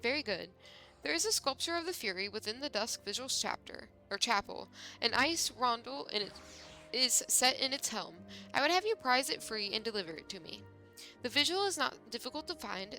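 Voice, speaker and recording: A woman's voice: a little high, expressive, brisk, pushed and bright, faint music behind. A woman voicing a haughty patron in a game who sends a hero after treasure, in formal archaic phrasing. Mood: scheming.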